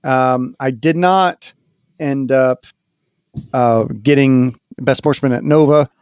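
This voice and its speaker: A man co-hosting a gaming podcast in relaxed, casual chat. He tells stories with lots of fillers and laughter. His voice sits in the middle range and is recorded close and dry. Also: medium pitch, slow, clean tone, dry recording. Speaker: podcast co-host.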